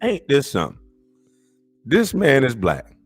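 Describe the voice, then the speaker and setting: A man's voice: mid-range voice, unhurried, gravelly, slightly rough. Guy ranting over clips, mocking and fired up, voice jumps all over, faint music behind. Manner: animated, indignant, mocking. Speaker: host reacting to clips. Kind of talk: casual commentary.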